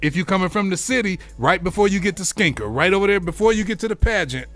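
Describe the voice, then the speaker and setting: A man with a St. hosts a casual radio chat, his voice sitting a little high. He reminisces and quizzes his cohosts in easy, slangy banter. Faint music plays underneath. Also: animated, fast, fairly bright tone, no room sound. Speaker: radio show host.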